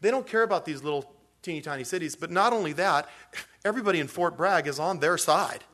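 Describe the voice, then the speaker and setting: A male preacher tells stories in a folksy, meandering way, circling back and restarting his thoughts. His voice sits a little higher than most men's, and he builds to an earnest point as he preaches. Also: expressive, fast talker, bright, forceful tone. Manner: folksy, rambling, with many restarts. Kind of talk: storytelling sermon.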